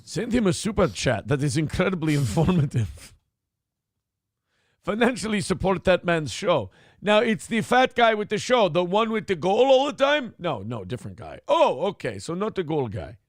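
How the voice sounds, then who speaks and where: A man's voice: high voice, sing-song, moderate pace, no room sound, clean studio sound. A man hosting a morning talk show, ranting in a casual, profane, exasperated way.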